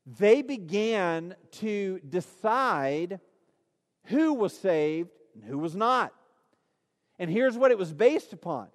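High-voiced preacher in a reverberant hall. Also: male voice, very animated, takes it slowly. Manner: conversational preaching with asides and rhetorical questions. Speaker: pastor. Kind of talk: sermon. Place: church during a midweek service.

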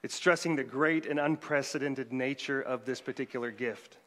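A man's voice: medium pitch, normal speed, a bit bright. A man, a pastor, delivering a conversational sermon with joking asides to the congregation. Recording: long hall reverb.

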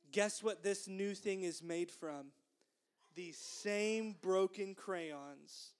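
A woman leading a children's sermon at an unhurried pace. She speaks gently and encouragingly, pausing so the little ones can repeat phrases after her. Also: mid-range voice. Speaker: children's minister.

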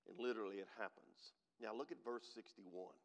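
A man preaching a sermon as pastor, swinging from loud emphatic preaching to quiet, emotional, near-tearful moments. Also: fairly low pitch, brisk, gravelly. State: emotional, holding back tears. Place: large church sanctuary. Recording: long hall reverb.

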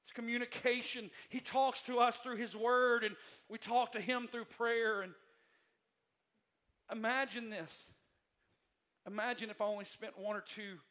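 A man preaching a sermon as pastor in a church, repeating his phrases emphatically and moving between quiet and loud passages. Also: very high voice, fairly even intonation, normal speed. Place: church sanctuary.

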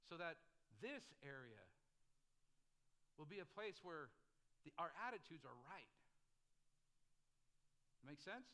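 A man's voice: high-pitched, bright, forceful tone. A middle-aged male pastor preaching a sermon in a conversational way, asking the congregation to respond.

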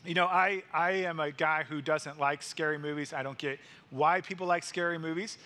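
A middle-aged male pastor delivers a sermon in a high, bright voice. He preaches earnestly, repeating phrases and slowing to drive points home. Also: fairly even intonation. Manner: earnest, repetitive preaching cadence, slowing for emphasis.

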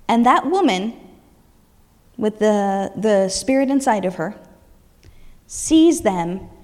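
A woman preacher retelling a story in a lively sermon, voicing its characters along the way. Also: mid-range voice, slow, big-room sound.

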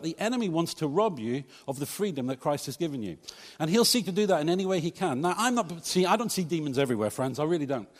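Male pastor giving a sermon, bit of a higher voice, chatty and jokey with the crowd, long church echo. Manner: conversational, humorous asides to congregation. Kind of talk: preached sermon. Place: church hall.

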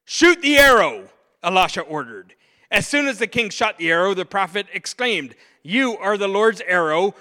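A man in his forties preaching with a high, bright, ringing voice. His sermon is emphatic and he throws himself into quoted lines. The sound carries a long reverb from a large church hall. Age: 40s. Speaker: pastor.

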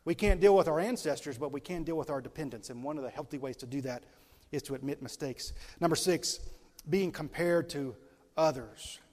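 A man's voice: on the high side, a little mellow. Emphatic preacher man in a reverberant hall. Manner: emphatic preaching, stretching key words slowly for weight. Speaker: pastor. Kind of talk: sermon. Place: large church sanctuary. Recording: long reverb of a large hall.

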